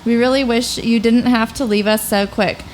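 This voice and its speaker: Casting: fairly high woman co-host, steady reader, dry quips, faint noise. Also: normal speed, rough recording. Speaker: podcast co-host. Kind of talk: casual podcast chat.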